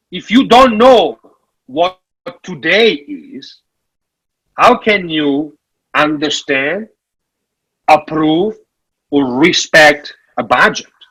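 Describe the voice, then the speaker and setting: A man from Italy, giving a frank, animated workshop talk on finances with some jokes. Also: high-pitched, slightly rough, poor audio. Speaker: workshop speaker on parish finances. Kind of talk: conference presentation.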